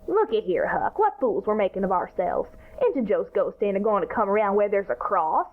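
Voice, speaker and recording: A woman voicing an eager, bossy boy ringleader in a radio-style drama, talking in an excited, boastful way. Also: medium pitch, fairly quick. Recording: tinny phone-like sound.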